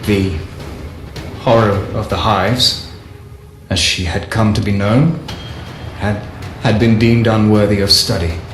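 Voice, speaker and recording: Slow, solemn low-voiced male narrator. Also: level tone. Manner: measured, solemn and deliberate. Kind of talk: scripted first-person diary narration. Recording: echoey room with faint music.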